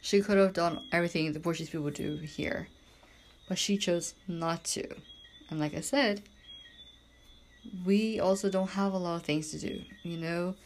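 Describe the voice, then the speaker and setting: Rambling woman podcaster, low voice. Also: normal speed, slight background noise. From Bermuda. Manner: rambling and emphatic, heavy use of "like" and "literally". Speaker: podcast host. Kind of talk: casual monologue.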